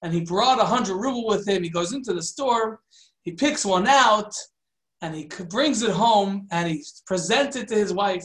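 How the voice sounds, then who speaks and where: Male storyteller, halting and filler-heavy, mixes in Yiddish and Hebrew words, roomy echo. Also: high voice, animated, fairly bright tone. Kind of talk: telling a folk tale.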